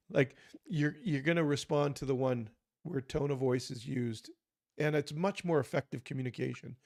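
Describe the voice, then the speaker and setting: Gravelly-voiced man giving earnest advice. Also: on the high side, darkish tone, no echo, studio quality. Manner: earnest, acts out example dialogues. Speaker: podcast co-host. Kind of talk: conversational advice talk.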